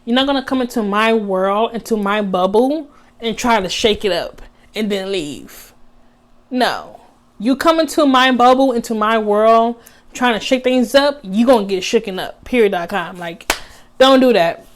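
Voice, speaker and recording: A woman in her twenties telling a storytime vlog in an animated, emphatic, slangy way. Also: on the high side, measured pace. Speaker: vlogger.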